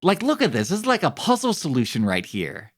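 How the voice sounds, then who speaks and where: A man streaming a video game, chatting casually and getting excitable, his voice jumping up when amused. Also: fairly quick. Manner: excitable, jumps high when amused or surprised. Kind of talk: casual live-stream chat while playing a game.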